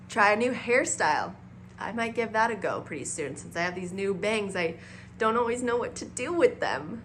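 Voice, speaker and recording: A woman's voice: medium pitch, a bit bright, a little hiss or hum. A young adult woman chatting casually to camera as a vlogger, bubbly and full of fillers.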